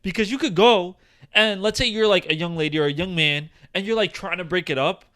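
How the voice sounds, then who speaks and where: A man's voice: high voice, brisk, fairly bright tone. A man in his twenties co-hosting a casual podcast, telling stories with lots of fillers and swearing. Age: 20s. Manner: rambling, profane, filler-heavy storytelling. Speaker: podcast co-host. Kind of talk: casual chat.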